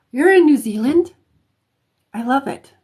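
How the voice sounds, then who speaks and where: A woman's voice: sits high, expressive, slow, darkish tone, breathy edge. A woman hosting a live stream of intuitive readings, talking casually to viewers, chatty with many fillers and restarts.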